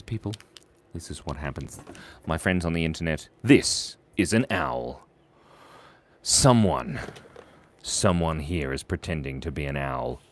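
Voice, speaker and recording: A man hosting a live drawing stream, chatting with viewers in a playful, silly way. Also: low voice. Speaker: online drawing show host.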